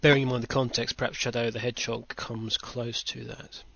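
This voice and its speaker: A man's voice: medium pitch, flat delivery, a little fast, creaky, fairly bright tone. A British man hosting a podcast in casual chat, rambling with dry self-mocking asides. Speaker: podcast host. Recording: dull lo-fi home recording.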